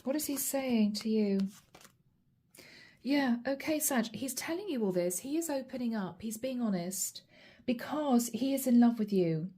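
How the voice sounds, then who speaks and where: A woman's voice: fairly high pitch, lively intonation, measured pace, warm tone. A middle-aged woman giving a channeled tarot reading, talking straight to the viewer in a chatty way and naming each card as she draws it. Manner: chatty, addresses viewer directly, names cards as she draws. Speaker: tarot reader.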